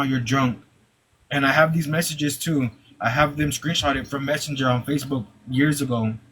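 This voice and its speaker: A young man telling a personal story live, halting, with many "like"s and repeated restarts. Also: medium pitch, a bit bright, slight background noise, low-quality recording.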